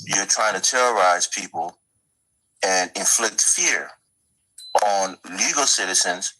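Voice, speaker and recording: A man from the Minneapolis area arguing a political point earnestly, halting and restarting often. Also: low voice, expressive, bright, forceful tone, low-quality recording. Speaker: debate guest. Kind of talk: political debate.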